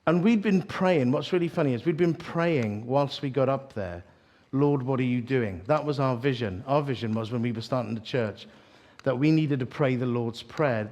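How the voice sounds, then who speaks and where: A man preaching a storytelling sermon, animated and self-mocking, acting out the voices in his story. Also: mid-range voice. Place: church hall, live audience.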